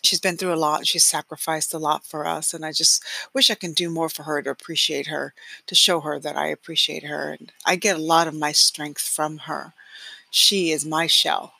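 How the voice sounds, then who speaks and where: Husky bright-voiced woman podcaster. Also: deep voice, level tone, normal speed, no echo. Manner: chatty, many fillers and restarts, laughs often. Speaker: podcast host. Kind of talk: personal storytelling monologue.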